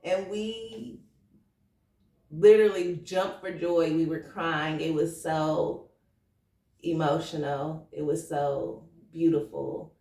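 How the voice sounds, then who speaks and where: A woman in her thirties telling a personal story to camera in a chatty, animated, slangy way that turns emotional. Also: low-pitched, slow pace, recorded from a distance. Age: 30s. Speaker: vlogger. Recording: roomy echo, from off the mic.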